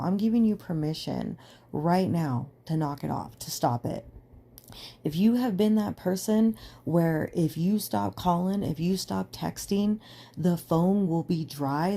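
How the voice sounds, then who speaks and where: With a fairly low-pitched, dark voice, this young woman podcast host talks through a casual personal monologue. She's earnest and emphatic, leaning on "like" as a filler throughout.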